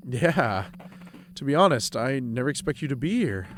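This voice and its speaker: A man's voice: medium pitch, big pitch swings, moderate pace, slight background noise. A man streaming a game, reading his character's lines aloud and joking between them.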